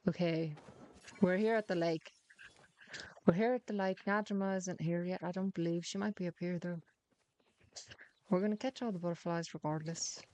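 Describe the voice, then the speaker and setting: A woman gives loose, chatty commentary as she plays, teasing and talking half to herself. Her voice sits a touch lower than most women's. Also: a little mellow. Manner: chatty, teasing, mutters to herself while playing. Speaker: gaming streamer. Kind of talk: casual gameplay commentary.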